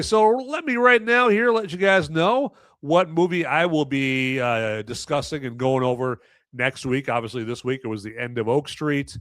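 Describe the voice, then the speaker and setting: A man's voice: medium pitch, normal speed, fairly bright tone, no echo. A man hosting a live movie review podcast, talking in a rambling, sarcastic way with lots of fillers. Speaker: podcast host.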